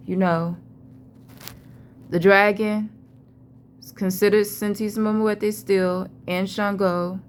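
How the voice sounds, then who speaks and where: Speaking at medium pitch over slight hiss or hum, a spiritual vlogger recounts a vision in an offhand monologue. Her telling wanders, swears freely, and leans hard on emphasis.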